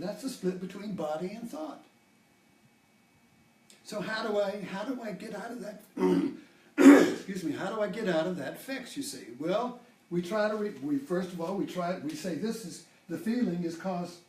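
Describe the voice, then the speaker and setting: A man's voice: sits high, lively intonation, measured pace, darkish tone, recorded from a distance, a little hiss or hum. Older man giving a rambling spiritual talk. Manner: rambling, with many restarts and fillers. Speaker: spiritual teacher. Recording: roomy, from off-mic.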